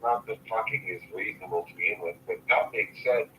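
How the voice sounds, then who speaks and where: A man with a very bright, sharp voice riffs through crude, rambling jokes. He sits away from the mic in an echoey room with a faint hiss behind him. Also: sits low, quick pace, far from the mic. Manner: rambling, joking, profane. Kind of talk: crude casual chat.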